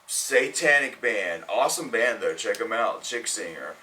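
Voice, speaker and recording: A man's voice: on the low side, lively intonation, a little slow, pushed and bright. A young man co-hosting a casual music chat, explaining things with enthusiasm. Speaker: podcast co-host. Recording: distant mic with faint noise.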